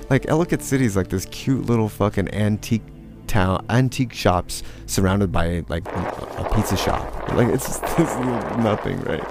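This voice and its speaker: Gravelly low-voiced man telling road stories. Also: lively intonation, moderate pace, darkish tone, soft background music. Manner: profane, rambling, with lots of fillers; acts out quotes in a raised, mocking voice. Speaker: storyteller. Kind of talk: casual personal storytelling.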